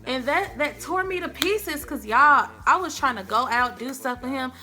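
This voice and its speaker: A young woman vlogger, telling a dramatic storytime in a casual, animated way. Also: high voice, moderate pace. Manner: animated, dramatic, acts out quotes. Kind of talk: storytime vlog. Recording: faint background music.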